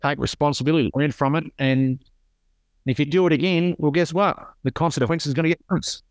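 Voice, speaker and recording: A man's voice: fairly high pitch, steady tone, a little fast, no room sound, clean studio sound. A middle-aged man with an Australian accent, a podcast guest telling stories in an earnest, rambling way. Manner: earnest storytelling, repeats himself. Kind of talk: casual conversation.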